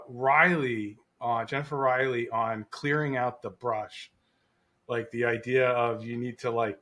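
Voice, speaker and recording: A man co-hosting a leadership podcast over a call, talking in a lively, animated way with frequent restarts. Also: mid-range voice. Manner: animated, restarts often, acts out quoted voices. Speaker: podcast co-host. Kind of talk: casual podcast conversation.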